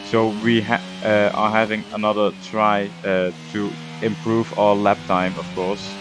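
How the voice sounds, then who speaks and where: A man's voice: fairly low pitch, little pitch movement, unhurried, background noise. A man hosting a racing game video, talking through his gameplay casually with frequent hesitations. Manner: hesitant, full of "uh" and "um" fillers. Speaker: gaming video host.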